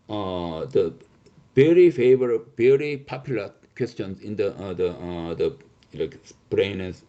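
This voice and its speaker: Male lecturer, emphatic, lots of "okay?", animated pitch, muffled lo-fi audio. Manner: many fillers and restarts, repeats "okay?"; emphatic, reassuring. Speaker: teacher.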